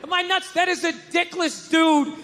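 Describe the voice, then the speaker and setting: A man's voice: very high voice, little pitch movement, moderate pace, crowd noise. A middle-aged man doing stand-up, telling a profane, self-mocking story in a ranting style. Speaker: stand-up comedian. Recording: long hall reverb, faint noise.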